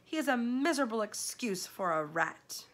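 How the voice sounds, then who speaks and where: A woman voicing a cruel male rat who mocks loudly and relishes others' pain, in a storybook read-aloud. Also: a little high, big pitch swings, normal speed, pitched above the performer's own voice. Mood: gleeful. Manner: mocking, loud and relishing.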